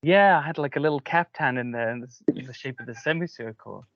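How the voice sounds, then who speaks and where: A man's voice: medium pitch, quick pace, fairly bright tone, dry recording, lo-fi sound. A man with a Cardiff Welsh accent, telling rambling anecdotes in a casual chat, with lots of fillers. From Cardiff, Wales. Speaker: podcast host.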